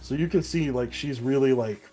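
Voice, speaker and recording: A man's voice: mid-range voice, warm tone, faint music behind. Rambling, profane man recapping comics. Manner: rambling, profane, acts out characters in quick asides. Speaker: podcast co-host. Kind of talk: casual comic book review chat.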